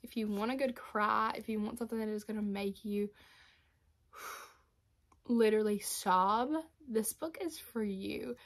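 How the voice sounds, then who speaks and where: A young woman vlogger recommending romance books to camera in a gushing, emotional, casual way. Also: medium pitch. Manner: gushing, emotional, fast and animated. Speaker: book vlogger.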